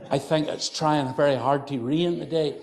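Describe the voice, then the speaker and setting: A man's voice: on the high side, fairly even intonation, normal speed, gravelly, a crowd in the background. An older man from County Antrim with an Antrim accent, telling humorous folk stories to a live audience in a chatty, teasing way. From County Antrim, Northern Ireland. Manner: chatty, teasing, lots of "you know". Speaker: folklorist storyteller. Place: hotel function room.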